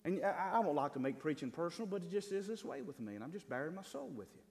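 A male pastor preaching a sermon with fervor, swinging between loud, stretched lines and hushed asides. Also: on the high side, big pitch swings, quick pace. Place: church sanctuary. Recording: long hall reverb, faint hum.

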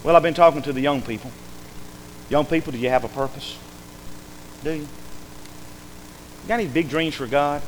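A male pastor preaches in a folksy, animated way, his fairly high voice ringing through a church with a long reverb. Faint noise sits under the recording. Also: normal speed, pauses often. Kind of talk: sermon. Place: church sanctuary.

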